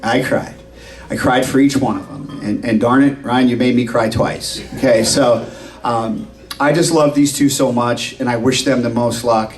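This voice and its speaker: A man's voice: mid-range voice, steady tone, normal speed, recorded from a distance, low-quality recording. A middle-aged man, father of the bride, giving a heartfelt and tearful wedding toast at a reception. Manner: tearful, heartfelt, repeating himself.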